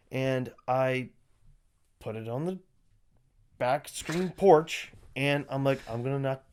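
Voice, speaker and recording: A young man co-hosting a podcast, telling animated, profanity-laced stories in casual chat and acting out what people said. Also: medium pitch. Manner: animated, swears a lot, acts out quotes. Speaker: podcast co-host.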